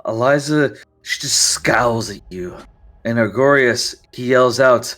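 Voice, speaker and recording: A man's voice: mid-range voice, takes it slowly, a bit bright, soft background music. A man narrating as game master in a casual tabletop role-play session.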